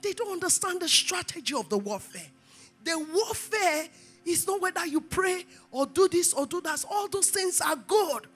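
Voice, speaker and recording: A woman pastor preaches with a high, sharp, ringing voice, throwing questions to the congregation and swelling into shouts. Soft church music plays underneath her. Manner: call-and-response preaching, rising to shouts. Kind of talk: sermon.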